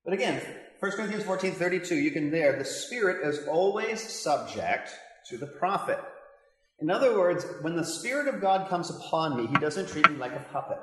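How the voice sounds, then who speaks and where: A man's voice: high-pitched, lively intonation, normal speed. An older man, a pastor, giving a passionate, conversational Bible teaching with asides to his listeners. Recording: very echoey hall reverb.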